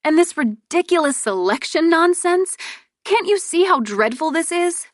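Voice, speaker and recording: A woman reader voicing a proud, exasperated young princess heir in an audiobook, with sharp, indignant retorts. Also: mid-range voice, lively intonation, moderate pace, dry recording, clean studio sound, lightly acted. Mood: earnest.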